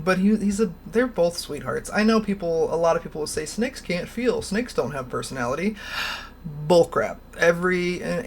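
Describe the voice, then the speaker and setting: Chatty streamer rambling thru a story, laughs a lot, swears, mid pitch, faint room hum behind. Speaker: livestream host. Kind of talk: casual livestream chat.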